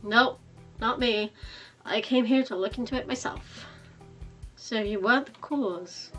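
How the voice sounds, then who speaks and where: Girl doing a sulky teen cupid boy, exasperated, bright edgy tone, faint music behind. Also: on the high side, unhurried. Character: moody impatient teenage boy Cupid with wings.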